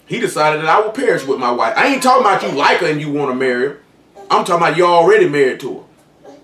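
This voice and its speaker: Echoey, distant preacher, raised voice. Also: male voice, a little high, animated, quick pace, fairly bright tone, slight background noise. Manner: reads scripture aloud, then explains it in loose colloquial speech. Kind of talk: sermon.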